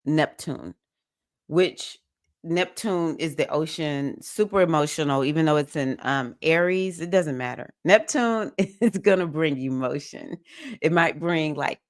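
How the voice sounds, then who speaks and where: In a clean, echo-free studio recording, a woman with a low-sitting voice hosts a casual livestream. She's chatty and emotional, greeting viewers by name as she walks through the week's astrology.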